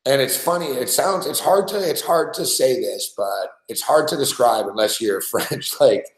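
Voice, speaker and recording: A man's voice: medium pitch, moderate pace. Profane, rambling man in echoey studio. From Quebec. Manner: loose and profane, lots of "like" and "you know what I mean". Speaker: sports betting show regular. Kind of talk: casual chat.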